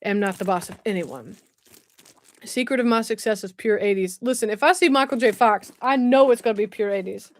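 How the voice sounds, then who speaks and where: A woman's voice: mid-range voice, brisk. A woman, chatting casually on a livestream and reacting to viewer comments while unboxing. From West Tennessee, US. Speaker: livestream host. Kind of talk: casual live-stream chat.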